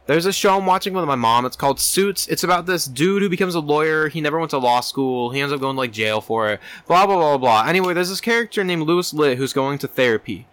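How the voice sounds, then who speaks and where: Crude young man, fairly high voice. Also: animated, quick pace, hardly any pauses, fairly bright tone, smooth, no room sound. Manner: profane, rambling storytelling with put-on voices. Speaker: podcast co-host. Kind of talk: crude comedic chat.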